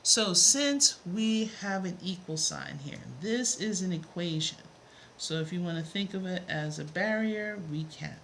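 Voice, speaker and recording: A woman's voice: on the low side, measured pace, fairly bright tone, a little hiss or hum. A woman teaching math on a live stream, greeting viewers by name and explaining steps with playful asides. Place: home room with a fan running.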